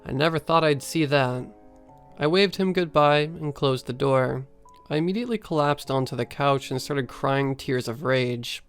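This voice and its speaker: A man reading a first-person horror story aloud in a steady storytelling manner. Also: medium pitch, moderate pace, clear, resonant tone, faint music behind. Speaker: story narrator.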